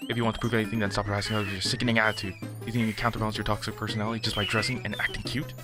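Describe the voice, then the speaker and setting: A man reading the lines of a shy, formal teenage girl from a visual novel in a low, plain voice. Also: quick pace, lightly acted. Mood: cutting. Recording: game music behind.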